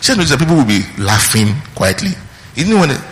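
A man preaching a sermon, teaching through scripture with questions put to the congregation and pauses on key words. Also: fairly high pitch, very animated, fairly bright tone, big-room sound, low-quality recording.

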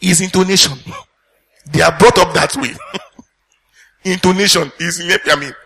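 A man's voice: high voice, moderate pace, vocal fry, sharp tone, slightly rough. A man preaching a sermon as pastor, teaching earnestly and putting questions to the congregation.

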